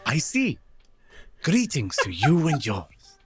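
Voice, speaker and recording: A theatrical, courtly arcade collector hosts his guests in a game, and the voice is grand and expansive. a husky tone and pitch that rises and falls widely. The delivery stays ceremonious throughout. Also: huge pitch swings, takes it slowly, soft background music, heavily acted. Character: grandiose flamboyant male arcade collector host. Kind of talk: video game voice acting.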